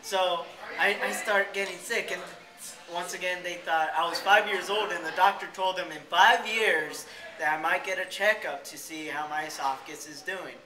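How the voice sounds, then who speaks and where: A man's voice: high-pitched, fairly even intonation, moderate pace. Man telling a rambling story, echoey hallway. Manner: rambling, jokey, swears freely. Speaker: vlogger telling a childhood story. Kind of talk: casual storytelling. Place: school hallway outside a band room.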